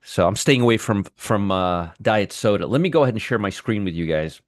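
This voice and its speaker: A man's voice: on the low side, animated, fairly quick, dry recording, clean studio sound. A middle-aged man hosting a casual trading livestream, rambling and greeting viewers one by one by name, with frequent restarts. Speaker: trading show host.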